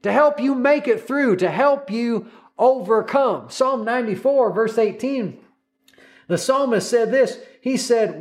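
A high-pitched man delivering a sermon. He is emphatic and builds through repeated phrases, quoting verses and calling on listeners to join in. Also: animated, unhurried. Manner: emphatic, repetitive, calls congregation to repeat. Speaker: preacher.

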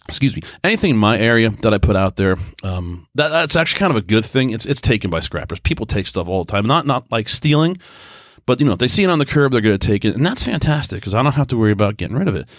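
A man's voice: medium pitch, sing-song, fast, dry recording. Rambling, easygoing man with a dry sound. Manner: rambling, chatty storytelling with frequent restarts; easygoing, self-described mellow. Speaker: podcast host. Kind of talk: casual monologue.

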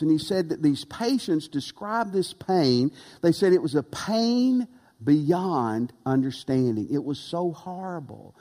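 A man preaching a sermon as pastor, earnest and emphatic, with dramatic pauses. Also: a little high, warm tone. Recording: long reverb of a large hall.

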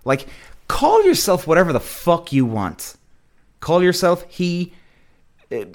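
A man's voice: high-pitched, very animated, normal speed, long pauses. A man hosting a podcast, telling a story in a blunt, profane, casual monologue. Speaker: podcast host.

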